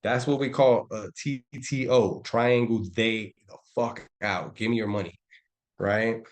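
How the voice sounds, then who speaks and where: A man on a live stream breaking down trading charts in a loose, slangy, profane and animated way. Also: mid-range voice, a little slow. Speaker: trading educator.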